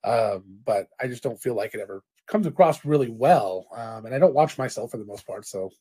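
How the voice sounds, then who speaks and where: A man co-hosts a casual tabletop gaming stream as dungeon master, rambling and poking fun at himself. His medium-pitched voice is warm and expressive with a breathy edge, and he talks fairly quickly.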